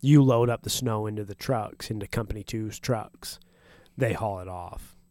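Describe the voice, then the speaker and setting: A man's voice: fairly low pitch, moderate pace, warm tone, dry recording. A man co-hosting a podcast in casual chat, talking bluntly and swearing freely. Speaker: podcast co-host.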